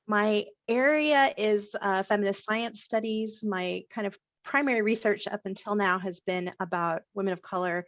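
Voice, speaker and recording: A woman associate professor introducing her research on a webinar, measured and thoughtful with some fillers. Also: mid-range voice, a bit bright, dry recording. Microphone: video call. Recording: dull dry video call audio.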